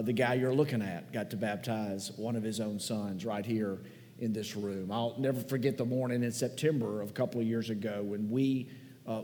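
Male pastor, mid-pitched, folksy and sentimental sermon delivery, big reverberant hall. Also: darkish tone. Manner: conversational, folksy, sentimental storytelling. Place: large church hall.

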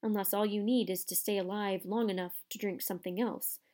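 A woman voicing a young, wise male centaur who speaks in a grave, measured way. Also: medium pitch, fairly even intonation, dark tone, lightly acted. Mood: solemn. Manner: solemn, measured.

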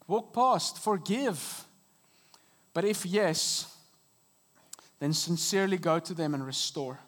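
A man preaching a sermon from a church stage into a microphone, earnest and dynamic, with sudden soft drops and emphatic rises. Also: high voice, animated, slow. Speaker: pastor. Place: church auditorium.

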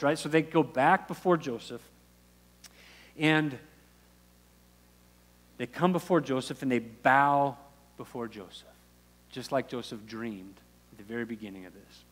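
A man's voice: mid-range voice, normal speed, pauses often. Man preaching in a reverberant hall. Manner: conversational storytelling with quoted dialogue and restarts. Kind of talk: sermon retelling a Bible story.

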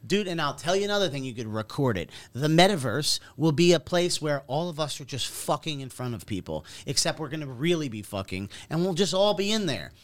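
Male co-host, blunt and profane, mid-high voice. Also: sing-song, fairly quick, hardly any pauses. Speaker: podcast co-host. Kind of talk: casual podcast banter.

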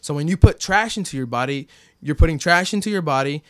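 On the high side and expressive, a young podcast guest's voice moves quickly through his story, recorded clean with no room sound. He talks casually and loosely, cursing freely and dropping frequent fillers like "bro" and "like."

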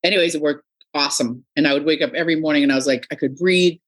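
Middle aged woman hosting a podcast, kinda low voice, chatty and animated, acts out what people said. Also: racing. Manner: animated storytelling, acting out quoted people. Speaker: podcast host. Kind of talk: casual interview chat.

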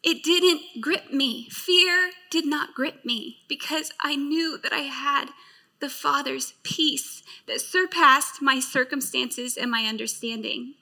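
A woman's voice: sits high, slow pace, gravelly, bright, forceful tone. A woman pastor in her late thirties sharing a personal testimony in a sermon, speaking in an earnest, heartfelt way. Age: late 30s.

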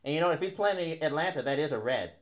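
A wisecracking male producer trading banter on a podcast, with a somewhat high voice. His pitch jumps around a lot as he delivers deadpan one-liners. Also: fast talker. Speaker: producer and co-host. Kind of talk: casual chat.

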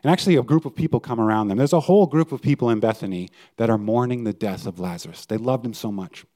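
Warm-voiced male pastor preaching. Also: mid-range voice, fast talker. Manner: conversational preaching, asks the audience questions. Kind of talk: sermon.

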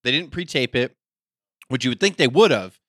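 A man hosting a podcast, telling a story in casual chat, animated and swearing freely. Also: medium pitch, moderate pace, no room sound. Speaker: podcast host.

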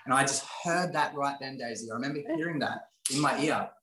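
An earnest man of ordinary pitch tells his story in a motivational way, circling back and repeating key phrases for weight. The room around him is roomy and echoing. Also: brisk, a crowd in the background. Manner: earnest, repetitive, emphatic. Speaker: guest sharing his life story. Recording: roomy echo.

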